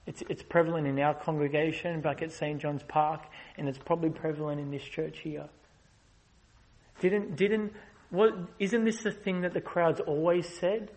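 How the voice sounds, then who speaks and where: A man delivering a sermon as a visiting preacher, his voice sitting a little high. He builds to loud, passionate peaks, then drops into soft, slow explaining. The delivery is earnest and driving throughout. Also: steady tone, rough recording. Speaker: guest preacher.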